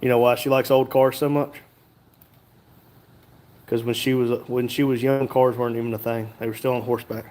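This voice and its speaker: A man's voice: medium pitch, little pitch movement, moderate pace, pauses often, a little mellow. A man hosting a casual livestream, reading viewer comments aloud and joking along. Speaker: livestream host reading chat.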